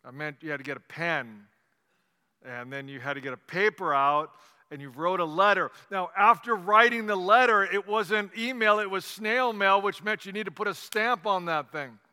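Bright-voiced male preacher in a hall. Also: high-pitched, moderate pace, clean tone. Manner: animated storytelling, conversational asides. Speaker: pastor. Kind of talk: sermon.

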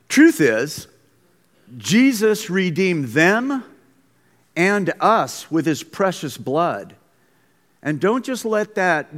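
A man's voice: fairly high pitch, a bit bright. A man preaching a conversational, emphatic sermon as pastor, recorded in a school gym. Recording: long hall reverb.

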